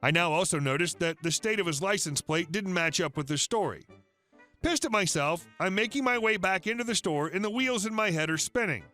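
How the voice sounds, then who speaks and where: Man, story narrator, scripted reading, steady even delivery, high voice, faint background music. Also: fairly quick. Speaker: narrator of reddit stories.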